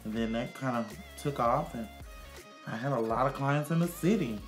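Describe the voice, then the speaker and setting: A man's voice: mid-range voice, normal speed, soft background music. A man, a makeup artist giving a sassy, chatty casual makeup tutorial. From Arkansas, USA. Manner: sassy and chatty, calls viewers honey and child.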